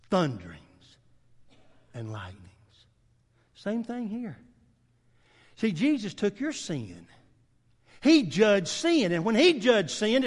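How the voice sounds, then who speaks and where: High-voiced preacher man in a reverberant hall. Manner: rises to loud emphatic preaching, drops to low intense tones. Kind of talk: sermon.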